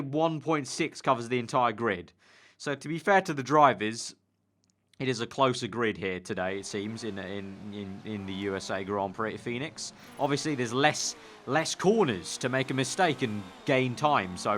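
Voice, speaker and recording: A young man with a Northern English accent, giving casual game commentary in a chatty way, thinking aloud with excitable bursts. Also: medium pitch. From Northern England. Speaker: gaming YouTuber.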